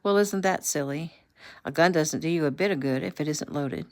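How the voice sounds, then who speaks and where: A sassy, teasing young woman from a read-aloud novel, quick to needle and sure of herself with a gun, as a woman reader puts her on. The voice sits a little low and stays close to the reader's own. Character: spirited young woman, a gun-savvy rancher's daughter.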